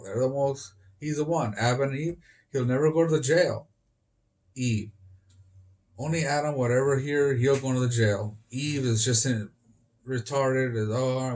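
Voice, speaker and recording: Rambling man talking on the street. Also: mid-range voice. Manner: rambling and disjointed, jumps between topics.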